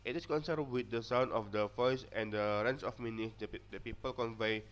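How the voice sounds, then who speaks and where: Speaking a little fast in a lowish, steady voice, a young man gives a student class presentation from notes, with frequent stumbles and restarts. Indonesian is his first language, and his accent reflects it. The audio quality is dull and lo-fi.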